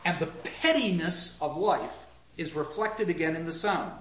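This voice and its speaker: Slow, deliberate man lecturing on verse. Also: a little high, animated, a bit bright, a little hiss or hum. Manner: reads verse aloud slowly and rhythmically, questions the class. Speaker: teacher. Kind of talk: classroom lecture on poetry. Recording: roomy, dull lo-fi classroom recording.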